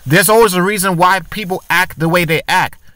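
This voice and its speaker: A man sits talking straight to his audience in a casual commentary vlog, pressing his argument with rhetorical questions and often breaking off to restart a sentence. His voice sits high and sounds bright and forceful. The recording is dry and close, with no room sound around him. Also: brisk, no echo. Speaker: commentary vlogger.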